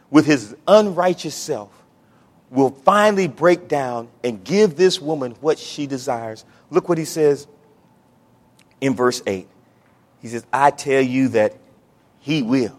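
Preacher guy, kinda high voice, goes soft and slow then yells out loud, sermon style. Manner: dramatic preaching, swinging from hushed to shouting. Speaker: pastor.

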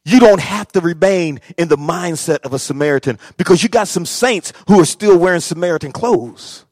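A male pastor preaching a sermon, swinging from quiet talk to shouting and calling out to the congregation. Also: on the high side, lively intonation, fairly quick, few pauses, no echo, studio quality. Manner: repeats phrases, calls out to congregation.

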